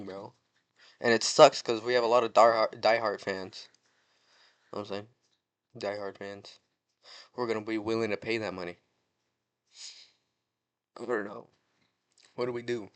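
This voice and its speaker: A man giving casual predictions in an excitable, slangy, rambling way, often restarting his sentences. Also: medium pitch. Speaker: wrestling fan vlogger.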